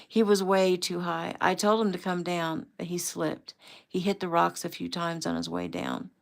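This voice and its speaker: A shaken woman explains things in a quick, worried voice, as a woman reading a novel voices her. Her voice is deep and gravelly, like the narrator's own. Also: animated.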